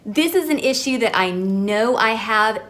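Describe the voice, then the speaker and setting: A woman's voice: a little high, lively intonation, measured pace, fairly bright tone. Chatty self-deprecating woman vlogger. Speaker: beauty vlogger. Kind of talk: casual product review to camera. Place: at home filming herself. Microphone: camera mic, facing the lens.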